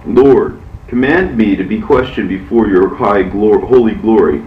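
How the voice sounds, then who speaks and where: A man reading the part of a reverent, pleading archangel in a measured, solemn way, heard from far off in an echoey space. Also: fairly low pitch, narrow, tinny audio, natural voice.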